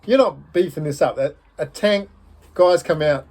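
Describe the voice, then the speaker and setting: Husky-voiced man reacting in disbelief. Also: fairly high pitch, normal speed, a little mellow. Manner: incredulous, teasing reactions and recaps. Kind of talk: casual chat.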